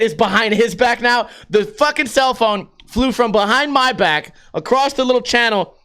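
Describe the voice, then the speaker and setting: An American man hosting a podcast, telling rambling stories in a profane, animated way. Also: extremely high pitch, normal speed, hardly any pauses, smooth. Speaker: podcast host. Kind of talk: casual storytelling monologue.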